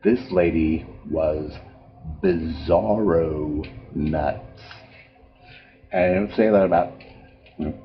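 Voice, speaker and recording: An older man talks his way through a home recipe, wandering into folksy stories as he goes. His voice sits very low and rumbling. The recording is dull and lo-fi, with faint music underneath. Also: slow pace, pauses often. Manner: rambling, folksy storyteller. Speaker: home cook. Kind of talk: casual cooking vlog.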